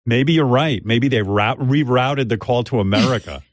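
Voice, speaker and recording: Speaking into a studio mic, an older man who hosts radio meanders through a lengthy anecdote in relaxed conversation, doing voices for those he quotes. His mid-range voice moves at a moderate pace with no echo.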